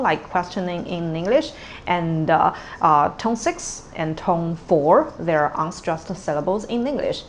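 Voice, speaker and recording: Woman tutor, slow deliberate delivery, patient step-by-step explainer, faint background hiss. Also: lowish voice. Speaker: language teacher. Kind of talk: tone pronunciation lesson.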